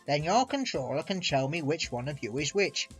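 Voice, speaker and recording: A stern railway boss from a storybook gives orders in a clipped, firm way, voiced by a man reading aloud. He sounds raised and loud, patient but not to be trifled with. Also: a little high, very animated, normal speed, slightly rough, soft background music, exaggerated voice.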